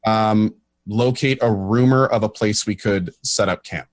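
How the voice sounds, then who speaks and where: A man's voice: fairly low pitch, measured pace. Tentative, polite male game player. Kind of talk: tabletop game play, casual chat.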